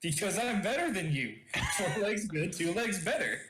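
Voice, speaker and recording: A man's voice: high-pitched, big pitch swings, moderate pace, reverberant, noisy background, pitched above the performer's own voice. A man voicing a boastful cartoon dog knockoff who walks on two legs and brags. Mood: smug boasting. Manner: smug, bragging.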